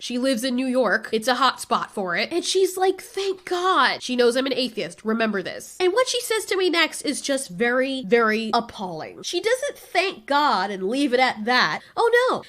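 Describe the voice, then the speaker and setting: Woman, high-pitched, bright tone, casual rant, sarcastic, swears freely. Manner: mimics others with sharp pitch jumps. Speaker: vlogger.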